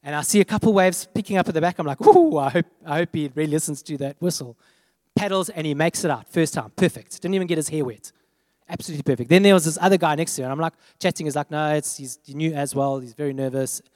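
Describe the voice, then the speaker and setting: A man preaches through a personal story in an animated way, acting out the voices of the people in it. His voice sits a little high for a man. The sound is close and dry, yet a long hall reverb hangs behind it. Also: fast talker. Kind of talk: storytelling sermon.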